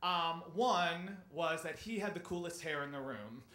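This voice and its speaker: A man's voice: a little high, measured pace, pushed and bright. A man telling a personal story on stage in a conversational way, with filler words and laughs, acting out the people in it.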